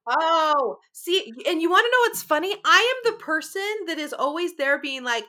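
A woman in her forties chatting casually as a podcast guest, talking in animated, frank rants with some swearing. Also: high-pitched, moderate pace. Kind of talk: casual conversational chat.

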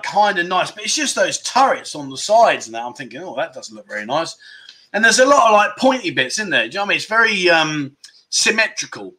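A man hosts a relaxed livestream, bantering and joking as he reacts to viewers. His voice sits fairly high with a bright, forward edge. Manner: chatty, jokey, reads viewer comments aloud. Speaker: livestream host. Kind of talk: casual livestream chat.

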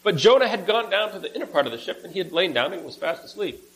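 A man's voice: high-pitched, animated, quick pace, fairly bright tone, rough recording. Man reading scripture in a sermon. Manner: reads scripture with casual asides and self-corrections. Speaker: preacher.

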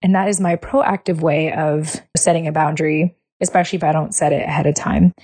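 Woman, podcast co-host, somewhat low pitch, reflective, methodical, casual chat. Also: fairly even intonation, a little fast, mellow. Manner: reflective, lays out points step by step.

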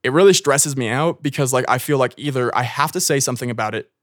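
A man's voice: medium pitch, fast talker, no echo, studio quality. A young American man talking casually as a podcast guest, rambling with lots of filler words and swearing. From United States.

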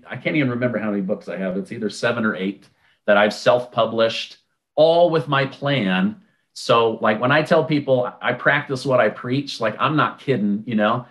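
A man speaking as an interview guest in casual storytelling, with a voice of ordinary middle pitch. He talks conversationally, often restarting his sentences. When he acts out remembered dialogue, his voice rises and becomes animated. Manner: conversational, with many restarts and fillers.

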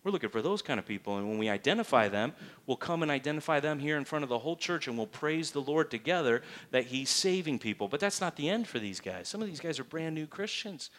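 Male pastor, slightly high voice, emphatic sermon delivery, lots of rhetorical questions. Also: lively intonation, quick pace, fairly bright tone. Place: church.

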